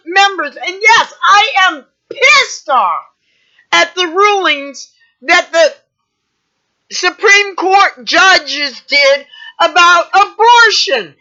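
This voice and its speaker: Very high-pitched woman ranting angrily. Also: animated, very slow. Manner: swearing, indignant, shouting at times. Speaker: vlogger. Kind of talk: angry rant to camera. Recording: dull lo-fi recording.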